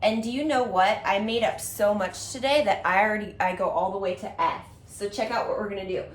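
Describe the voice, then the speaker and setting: A woman's voice: mid-range voice, brisk, roomy sound. A woman teaching a music lesson to young children, with an encouraging, sing-song delivery that breaks into rhythmic chants.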